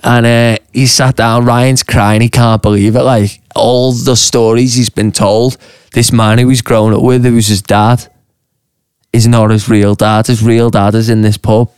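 A man tells a pub story on a podcast, animated and swearing freely, slipping into quick voices for the people in it. His tone is smooth and resonant. The sound is close and dry, with no room around it. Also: medium pitch, no room sound. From Liverpool, England. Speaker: podcast co-host. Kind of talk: casual chat, storytelling. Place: podcast studio.

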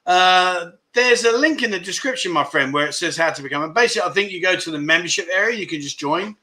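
Bloke hosting a live chat, quite bright and a bit high, lots of mate and my friend. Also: male voice, animated, a little fast. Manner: chummy banter, calls viewers "mate" and "my friend". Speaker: livestream host. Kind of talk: casual livestream chat, reading viewer comments. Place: home.

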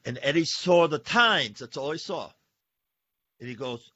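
A male podcast host with a bright, forceful voice tells a story with lively energy and keeps talking to "folks". His sound is a bit dull and lo-fi, and it is dry, with no room echo. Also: on the high side, unhurried. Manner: animated storyteller, addresses listeners as folks. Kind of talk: casual podcast conversation.

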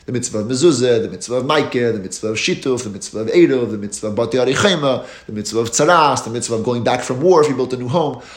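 A man lectures on Talmud with an even-pitched voice in a middle register. He explains each point in a steady teaching rhythm and stresses the key terms. The room adds a noticeable echo. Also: fast, hardly any pauses. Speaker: Torah teacher. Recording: echoey room.

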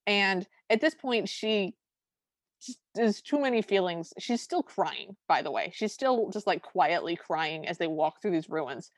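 A woman's voice: mid-range voice, measured pace, no echo, studio quality. A grown woman co-hosting a podcast, casually recapping a movie scene by scene and acting out quoted lines. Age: adult. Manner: animated storytelling with quoted lines. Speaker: podcast co-host.

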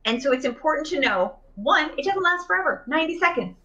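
A woman's voice: high-pitched, animated, fast, pushed and bright, lo-fi sound. A woman in a casual conversation about emotional healing, chatty, with many fillers and restarts, speaking over a video call.

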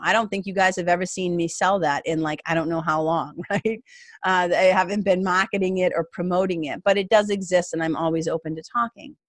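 A woman's voice: on the low side, no echo, clean studio sound. A woman spiritual coach talking earnestly and casually to her followers, with plenty of fillers and restarts. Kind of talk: casual motivational talk to followers.

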